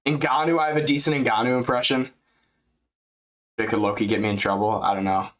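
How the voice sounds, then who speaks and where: A man's voice: mid-range voice, steady tone, brisk, fairly bright tone. A young man chatting live as a streamer during a fight event, joking, crude and rambling. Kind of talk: live fight-companion chat.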